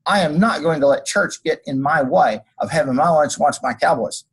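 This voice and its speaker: A man's voice: on the high side, brisk, husky, poor audio. A man teaching a class over a screencast, walking through code and drifting into folksy personal stories. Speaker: college instructor. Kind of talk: screencast lecture.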